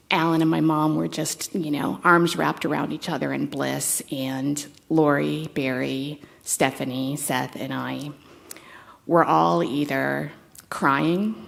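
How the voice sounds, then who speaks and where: Low, gravelly woman giving a eulogy. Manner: conversational and halting, with fond, wry asides. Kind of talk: memorial eulogy.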